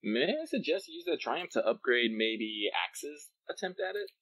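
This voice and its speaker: A man playing in a tabletop game, chatting in a playful, quick-reacting way. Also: on the high side, sing-song, a bit bright, husky, no room sound. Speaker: player. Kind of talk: casual tabletop game chat.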